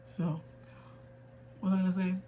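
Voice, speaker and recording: A young woman from the US in her twenties talks candidly to camera in a personal rant. She speaks quietly and holds back emotion, then turns firm and emphatic. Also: lowish voice, level tone, moderate pace, highs cut off, a little hiss or hum. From United States. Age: 20s. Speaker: vlogger.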